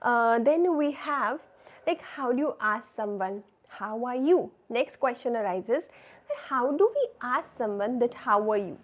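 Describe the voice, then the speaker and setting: Woman, French teacher, live online class, slow unhurried pace, fairly high voice, repeats phrases for learners. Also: lively intonation. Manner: checks in with "right?" and "oui?".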